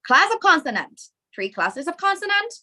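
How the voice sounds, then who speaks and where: Bright-voiced Thai teacher woman. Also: high voice, big pitch swings, brisk. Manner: patient, repeats sounds for learners to copy. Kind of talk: online language lesson.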